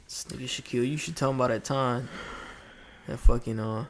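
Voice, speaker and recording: A man's voice: mid-range voice, fairly even intonation, brisk, background noise. A young man on a podcast in casual chat, prodding the others to tell stories and laughing along. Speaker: podcast co-host.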